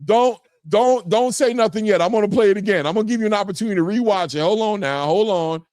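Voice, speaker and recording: A man hosting a boxing chat show, talking casually and excitably while replaying fight clips and hollering reactions. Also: high voice, quick pace, no room sound, clean studio sound.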